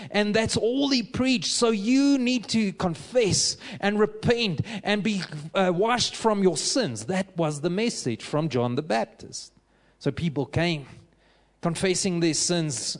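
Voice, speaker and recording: A man preaching a sermon, emphatic and rising to fervent exhortation. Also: a little high.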